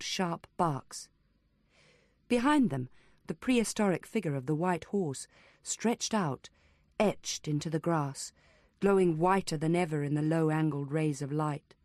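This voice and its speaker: A woman with a notably low voice narrating an audiobook in a measured, even way. The read is close to the mic and completely dry. Her delivery stays steady through long descriptive passages. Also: dry recording. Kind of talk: scripted narration.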